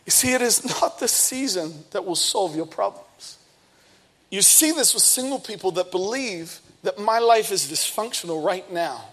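A pastor in his thirties, speaking in a high voice, preaches a sermon and shares a personal story, with lively bursts of speed and emphasis.

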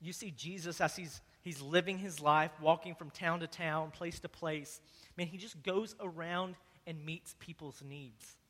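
A man's voice: a little high, steady tone, unhurried, a bit bright, long reverb tail. A man preaching a sermon in a casual, earnest way, often saying "man" and repeating words as he goes. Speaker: pastor.

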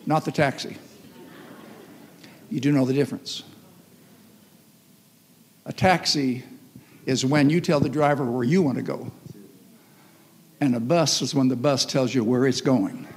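A pastor delivers a storytelling sermon in a church hall, animated and acting out voices, though his mid-range, slightly rough voice is unhurried with long pauses. The recording carries the long reverb of the hall.

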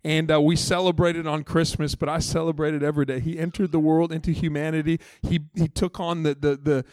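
Earnest pastor preaching, higher-pitched man. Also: flat delivery, fairly quick, darkish tone, no echo. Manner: earnest, emphatic preaching with conversational asides. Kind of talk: sermon. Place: church service.

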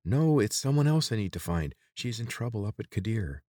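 A man's voice: on the low side, very animated, a little fast, mellow, dry recording, studio quality, voice pushed up. A man voicing an impulsive young male hero who speaks urgently and pleadingly. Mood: anxious, pleading.

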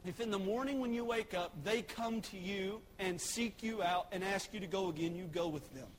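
A man voicing God as a calm, commanding figure, speaking lower and more solemnly than his own preaching voice. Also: moderate pace, a little hiss or hum, lightly acted, low-quality recording.

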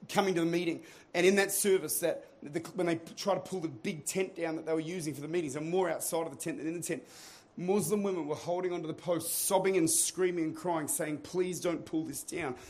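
A male pastor delivers a sermon in a church. His voice sits fairly high for a man. He moves from calm, hushed passages to booming, shouted exhortation. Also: a little fast. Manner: builds from quiet teaching to shouted preaching. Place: church auditorium.

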